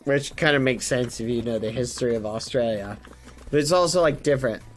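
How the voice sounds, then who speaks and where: A man's voice: medium pitch, fairly quick, faint music behind. A young American man chatting casually on a livestream, meandering with lots of fillers. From United States. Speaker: streamer.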